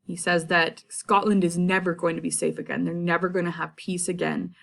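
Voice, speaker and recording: Chatty woman teacher, lowish voice. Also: little pitch movement, a little fast, creaky, a bit bright. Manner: chatty, many fillers and casual asides. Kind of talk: casual lesson summarizing a play.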